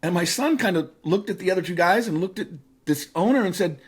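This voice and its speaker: A middle-aged man speaks as an interview guest with a slightly husky, somewhat high voice. His pitch swings widely as he tells stories. He talks in a casual, animated way and acts out the people in his anecdotes. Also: a little fast.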